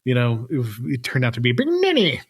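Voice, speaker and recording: A man's voice: medium pitch, wildly swooping pitch, fast, breathy edge. A man co-hosting a podcast in casual chat, rambling and laughing easily. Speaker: podcast co-host.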